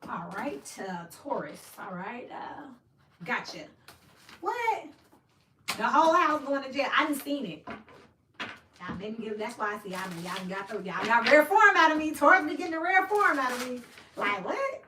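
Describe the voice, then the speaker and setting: A woman giving a casual tarot reading, animated and swearing, acting out little scenes as she talks. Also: high-pitched, moderate pace. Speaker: tarot reader. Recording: echoey room, mic at a distance, noisy.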